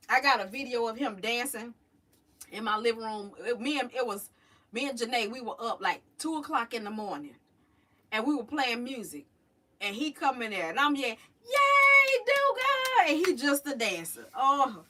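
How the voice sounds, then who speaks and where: A middle-aged woman, chatting and telling stories to her live chat, animated and drawling. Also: fairly high pitch. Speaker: livestream host. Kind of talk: casual storytelling to a live chat. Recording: voice a little distant from the mic.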